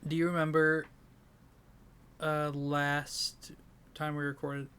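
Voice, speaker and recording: Rambling, sleep-deprived comedic podcast host. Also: male voice, fairly high pitch, little pitch movement, takes it slowly, fairly bright tone, slight background noise. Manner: rambling, self-deprecating, breaks into laughter. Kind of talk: casual comedic chat.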